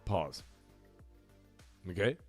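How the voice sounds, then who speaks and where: A man's voice: low-pitched, big pitch swings, very slow, over music. A man hosting a casual live gaming stream, blunt and profane, talking straight to his chat. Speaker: livestream show host.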